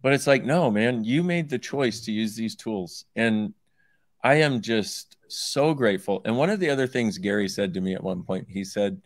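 A man's voice: lowish voice, moderate pace, no room sound, studio quality. A man as guest in a conversation, playful and earnest, speaking with heartfelt gratitude. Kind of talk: casual conversation.

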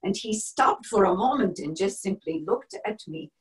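A woman performing a first-person dramatic monologue as a brave wartime helper, grave and measured, sometimes dropping to a hushed whisper. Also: mid-range voice, lively intonation, lightly acted, poor audio. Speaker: stage performer.

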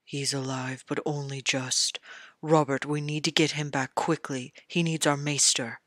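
A narrator playing an earnest, loyal lord with a slightly lowered, urgent voice that drops to a hush. The reading is slow and dry, close to the mic. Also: level tone, dry recording. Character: worried middle-aged lord, earnest and loyal.

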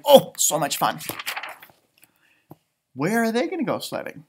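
A man's voice: high voice, sing-song, slow, long pauses, fairly bright tone. A man, a teacher, reading a children's picture book aloud and chatting to young listeners about the pictures. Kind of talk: children's storybook read-aloud.

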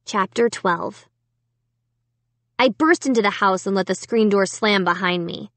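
A woman narrating a children's horror story in the first person with a dramatic, expressive reading. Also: mid-range voice, unhurried, no room sound. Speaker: audiobook narrator.

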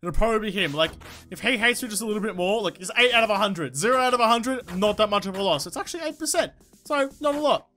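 A woman giving excitable, swear-filled let's-play commentary, talking to herself and the game. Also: medium pitch, fast talker. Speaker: gaming YouTuber. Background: game music.

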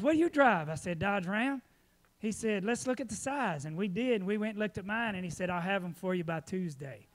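A man preaching at a church, telling folksy stories with lively laughter, then giving announcements. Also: high-pitched, fairly quick. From Texas. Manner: folksy storytelling, animated, laughing often. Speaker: pastor.

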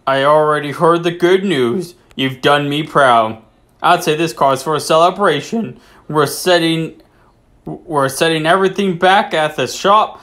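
A man's voice: on the high side, measured pace, a bit bright. A man reading game dialogue aloud as a cheery middle-aged shopkeeper father, trying a Southern drawl and mostly missing it. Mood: jovial. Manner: weak try at a Southern drawl.

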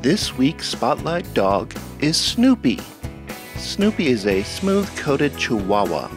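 A man's voice: mid-range voice, creaky. A man presenting adoptable shelter dogs in an upbeat, chatty, playful way, as scripted narration for an adoption video. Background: background music.

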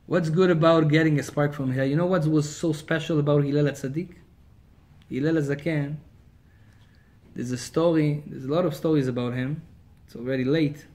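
Brief: rabbi lecturing, lively storyteller, higher male voice. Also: fairly quick. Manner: animated storyteller, swings between loud and quiet.

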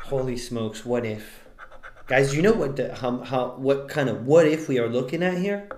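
A man live-streaming scratch-off tickets, talking excitedly to his chat and yelling at big wins. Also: medium pitch, measured pace, slight background noise. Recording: echoey room.

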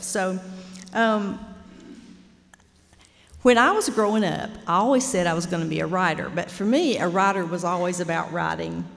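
Woman, middle-aged, folksy storyteller, mid pitch, reverberant lecture hall. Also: slight background noise. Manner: folksy, animated, candid storyteller. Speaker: writer teaching a fiction master class.

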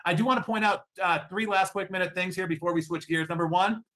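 A man delivering an upbeat sales presentation. His voice is bright and sits a little high. He poses rhetorical questions to the crowd and answers them himself. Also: fast. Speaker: company executive giving a sales pitch.

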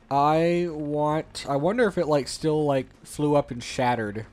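A man's voice: a little high, a little slow, few pauses, a little mellow, faint music behind. Playful man with a mock-British lilt. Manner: playful, joking, mock-posh slightly British affectation. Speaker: let's play host. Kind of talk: casual gameplay commentary.

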